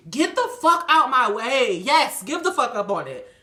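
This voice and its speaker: A woman giving a casual spiritual reading, animated and profane, laughing often. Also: high-pitched, moderate pace. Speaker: tarot reader. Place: a room at home. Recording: echoey room.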